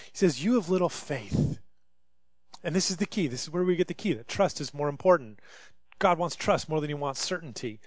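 High-voiced male preacher, dry sound. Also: a little fast, no echo. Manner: impassioned, swings from loud pleading to hushed. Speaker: pastor. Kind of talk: sermon.

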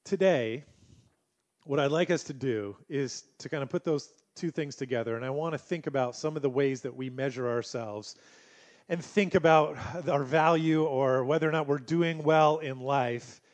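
A male pastor delivering a sermon in a conversational, storytelling way with gentle humor. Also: medium pitch, moderate pace.

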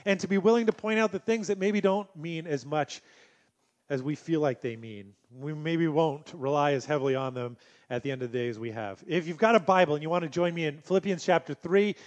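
A male pastor delivering a sermon in a conversational, storytelling way with gentle humor. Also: a little high, fairly quick.

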